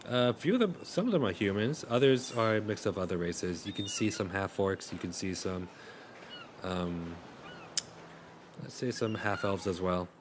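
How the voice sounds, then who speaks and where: Man, game master, low voice, hesitant narration, faint background noise. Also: expressive, moderate pace. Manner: hesitant, many fillers and restarts.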